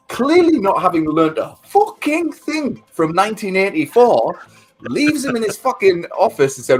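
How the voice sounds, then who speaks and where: A man's voice: sits high, very animated, moderate pace, faint music behind. A man co-hosting a livestream, recapping a movie plot in a rambling, sweary way. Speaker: livestream co-host. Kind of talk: casual movie chat.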